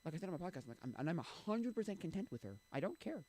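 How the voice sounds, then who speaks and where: Rambling, lively-voiced young man streaming. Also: sits high, rapid-fire. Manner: rambling, musing aloud with many restarts. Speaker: live streamer. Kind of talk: casual chat.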